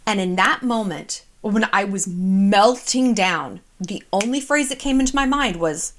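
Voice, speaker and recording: A woman's voice: medium pitch, expressive, unhurried, hardly any pauses. A woman in her thirties giving casual advice straight to camera, candid and chatty, swearing freely. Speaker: vlogger.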